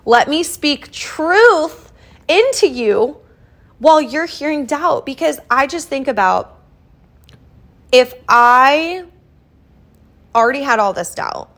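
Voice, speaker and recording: A woman's voice: sits high, animated, slow pace, long pauses, fairly bright tone. A young woman from Iowa hosting a solo podcast, talking in a casual, earnest, motivational way with lots of "like" fillers. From Iowa, US Midwest. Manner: earnest and chatty, with many "like" fillers. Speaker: podcast host.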